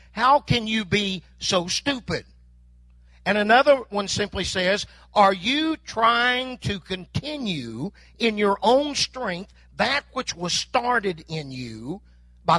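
A man's voice: high-pitched, pushed and bright, no room sound. An older man preaching a sermon, telling folksy stories and acting out bits of dialogue. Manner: folksy storytelling with mock dialogue. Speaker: pastor.

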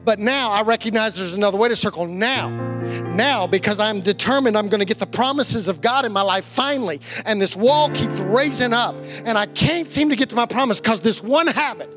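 High-voiced preacher with a drawl. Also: male voice, brisk, over music. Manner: animated preaching with restarts and acted-out quotes. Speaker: pastor. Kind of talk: sermon.

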